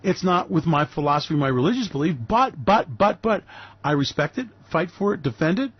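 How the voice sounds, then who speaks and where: Older man from New York City, radio host, ranting and emphatic; husky voice with dull, lo-fi sound. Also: sits high, expressive, fairly quick, no echo. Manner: emphatic, ranting, rhetorical questions. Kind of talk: opinionated radio commentary.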